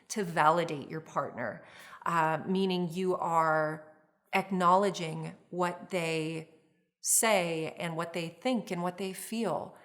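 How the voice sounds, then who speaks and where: A woman therapist teaching a course on relationships, speaking in a calm, measured, explanatory way with frequent small restarts. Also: on the low side. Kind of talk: instructional talk to camera.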